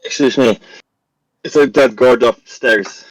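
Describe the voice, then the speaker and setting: A man's voice: medium pitch, takes it slowly, no echo, poor audio. A man playing a tabletop game who speaks hesitantly. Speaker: player.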